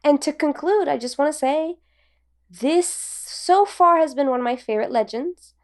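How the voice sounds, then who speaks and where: A woman's voice: high-pitched, moderate pace, darkish tone. A woman co-hosting a podcast in casual chat. She talks in a giggly, rambling way with lots of fillers. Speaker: podcast co-host.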